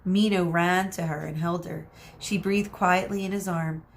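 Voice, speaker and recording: A woman teacher reading a chapter book aloud to children, expressive, stopping for asides to her listeners. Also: fairly low pitch, measured pace, creaky, a little hiss or hum.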